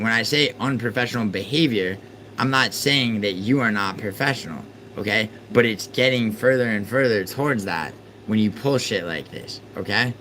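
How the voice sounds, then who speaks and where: A man hosting a live stream, arguing with his chat and swinging from exasperated outbursts to low muttering. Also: bright, forceful tone, a little hiss or hum. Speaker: livestream host.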